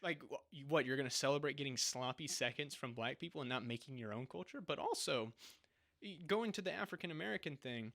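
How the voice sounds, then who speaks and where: Male podcast co-host, mid-pitched, argumentative and sarcastic, casual delivery. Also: animated, quick pace, gravelly, a bit bright. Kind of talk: opinionated podcast chat.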